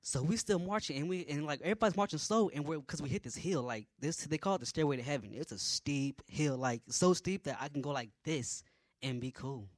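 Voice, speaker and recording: A young man, an army private, telling a personal story in a casual, animated way, dropping to low mutters and rising to loud exclamations. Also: brisk, dry recording. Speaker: army private recounting training.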